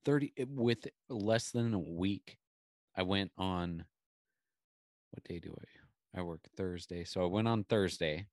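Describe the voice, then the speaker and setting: A man co-hosting a podcast in casual chat, throwing in deadpan joking asides. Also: sits low, unhurried, no echo, clean studio sound. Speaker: podcast co-host.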